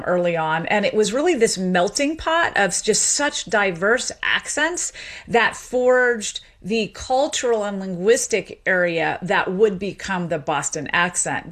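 Middle-aged woman from Memphis, academic guest on a radio interview, lively explainer, mid-range voice. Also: mid-range voice. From Memphis, Tennessee. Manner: animated, explanatory, with small restarts and laughs. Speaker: sociolinguist and professor, guest.

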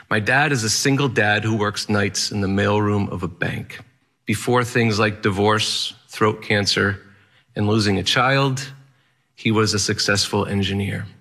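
A man's voice: fairly low pitch, bright, forceful tone, slightly rough. A man telling a personal story on stage in vivid present tense, with a wry touch.

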